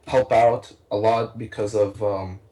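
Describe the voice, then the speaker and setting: Young male co-caster, casual and rambling, full of fillers, excitable. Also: on the low side, a little slow, low-quality recording. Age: young adult. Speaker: tournament co-caster. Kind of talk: casual esports casting.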